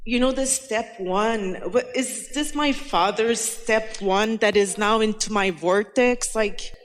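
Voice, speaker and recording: A woman in a seminar audience telling a personal story and asking a question, halting and full of fillers. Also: medium pitch. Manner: halting, with many fillers and restarts. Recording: long reverb of a large hall.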